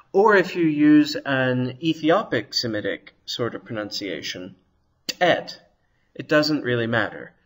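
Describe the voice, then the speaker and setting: A man's voice: mid-range voice, low-quality recording. A man teaching a recorded language lesson, explaining patiently and sounding out consonants to demonstrate them.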